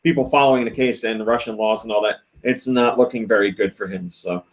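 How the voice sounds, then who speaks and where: A man's voice: fairly low pitch, fairly even intonation, fairly quick. A man hosting a casual podcast, chatting, laughing often and reading viewer comments aloud. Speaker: podcast host.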